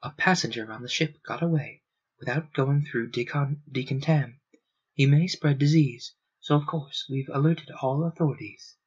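A man voicing a brisk, formal alien official who talks in a matter-of-fact way, on a dull lo-fi recording. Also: medium pitch, husky, voice pushed up, natural voice.

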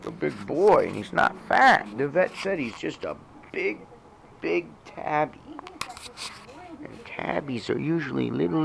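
Gravelly man cooing to his cat. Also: expressive, unhurried, slight background noise. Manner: coos in a high baby-talk voice to the cat, then drops low to explain. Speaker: cat owner vlogger. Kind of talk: casual talk to his cat on camera.

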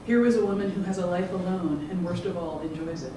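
In an event room, an author with a mid-range voice reads their own fiction aloud in a measured, rhythmic way. The recording is echoey, with a distant mic and background noise.

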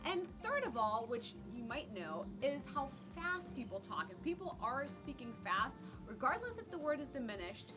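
A woman from the south of France with a French accent, teaching French in a lively, casual video lesson. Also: high voice, normal speed, few pauses, music in the background. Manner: lively, explains with spoken French examples.

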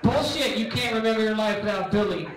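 A middle-aged man doing a stand-up comedy set on a club stage, loud and bantering as he acts out characters. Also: high-pitched, moderate pace, far from the mic. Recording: echoey club recording from afar. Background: audience laughter.

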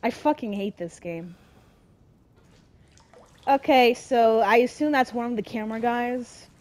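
A woman's voice: a little high, measured pace, darkish tone. Profane, jumpy woman gamer. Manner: swearing, dramatic, easily scared. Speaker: let's play gamer. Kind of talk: horror game commentary.

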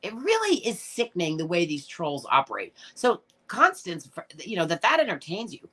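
A middle-aged woman chats on her livestream and answers viewers bluntly, swearing freely and getting emotional. Her voice sits fairly low but swings widely up and down as she talks. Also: huge pitch swings, normal speed, bright, forceful tone, husky. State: tearful at times. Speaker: livestream host reading viewer comments. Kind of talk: casual live chat.

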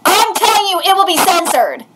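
A woman streaming a live manga reaction, excitable and outspoken, given to shouting and swearing. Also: extremely high pitch, normal speed. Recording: loud background hiss.

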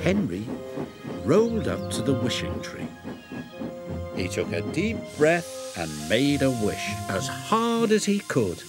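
Lively, slow British storyteller man. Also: mid-range voice. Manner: gentle, expressive storytelling. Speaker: narrator. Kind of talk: scripted children's storybook narration. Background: music.

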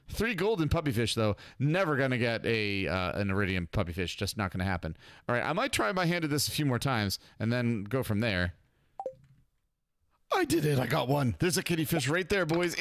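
Excitable man doing game commentary. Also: medium pitch, a little hiss or hum. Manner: excitable, chatty, upbeat. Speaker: gaming channel host. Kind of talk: let's play commentary.

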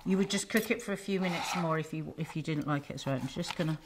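A woman's voice: sits low, fast talker. Chatty woman cooking at home. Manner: chatty and affectionate, teasing her husband. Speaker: cooking show host. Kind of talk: casual cooking demonstration. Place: home kitchen. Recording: noisy kitchen with sizzling. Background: frying and sizzling.

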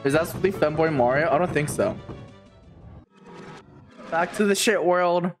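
A man streaming a game who swears and swings between screaming and low mumbling. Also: normal speed, soft background music. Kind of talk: live game streaming commentary.

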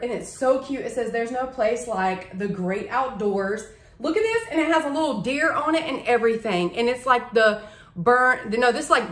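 A young woman vlogs from her home living room, eagerly showing off her shopping haul to camera and gushing over each item. She's chatty and says "y'all" a lot, her slightly high, somewhat bright voice carrying a roomy sound.

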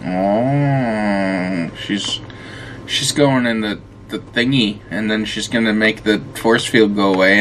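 A man's voice: fairly low pitch, slow, fairly bright tone, a little hiss or hum. A man giving casual let's-play commentary, rambling and swearing often as he talks to the game, tired and yawning. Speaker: gameplay commentator.

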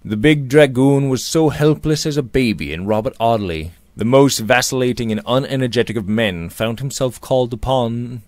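A man narrating a Victorian novel aloud in a measured, expressive storytelling manner. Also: mid-range voice, no room sound. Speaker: audiobook narrator.

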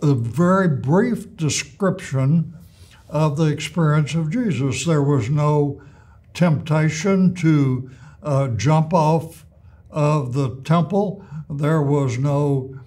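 A man leads an adult Bible class, reading scripture aloud and explaining it in a measured manner, pausing and restarting as he goes. His voice sits a little high with a darkish tone.

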